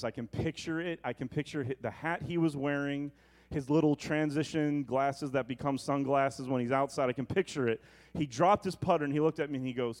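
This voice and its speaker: A middle-aged male pastor delivering a sermon, moving between loud emphatic preaching and quiet, conversational storytelling. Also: medium pitch.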